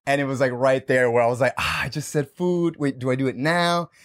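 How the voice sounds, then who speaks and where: A man's voice: mid-range voice, steady tone, brisk. Easygoing man in his thirties. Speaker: podcast guest. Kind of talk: casual chat.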